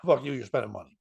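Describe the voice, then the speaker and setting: A comedian telling a story in casual chat, slipping into voices and laughing often. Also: male voice, mid-range voice, vocal fry, slightly rough. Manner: animated, jumps into voices and laughs.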